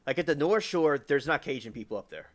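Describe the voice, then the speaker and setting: A man's voice: mid-range voice, lively intonation, fast. A man from the US South hosting a livestream, rambling casually with lots of fillers and restarts. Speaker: livestream host.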